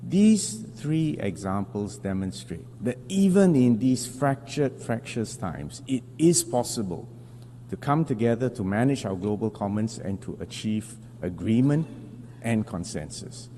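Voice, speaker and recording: A man delivering a formal prepared speech at a podium, deliberate and emphatic with measured pauses. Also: fairly low pitch, animated, mellow. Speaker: national representative giving a UN address. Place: large assembly hall. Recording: long hall reverb with faint hum.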